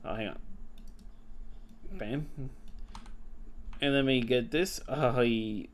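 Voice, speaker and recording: A male streamer reading game dialogue aloud and chatting, with frequent restarts. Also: mid-range voice. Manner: halting, with restarts and ums.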